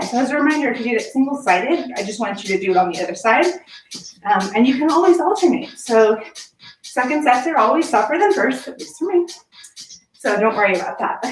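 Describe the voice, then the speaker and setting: A woman's voice: a little high, far from the mic, a little hiss or hum. A woman fitness instructor leading a home workout, upbeat and encouraging, counting reps while slightly out of breath. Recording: echoey room, voice from off-mic. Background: background music.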